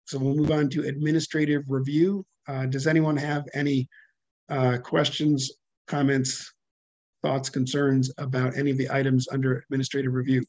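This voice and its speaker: A man chairing a public commission hearing, halting and full of fillers and self-corrections, speaking over a video call. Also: mid-range voice, level tone, a little mellow, no echo.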